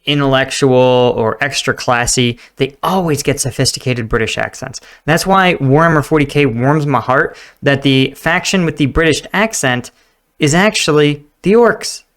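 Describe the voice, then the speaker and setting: A man hosting a reaction video, chatting casually and musing out loud, laughing often. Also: medium pitch, normal speed. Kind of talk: casual commentary.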